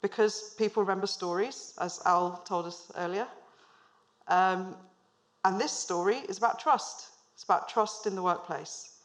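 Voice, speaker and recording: A woman's voice: mid-range voice, steady tone, a little slow. A woman in her thirties, a managing director, giving a storytelling business talk on stage to a live audience, asking them questions with light humor.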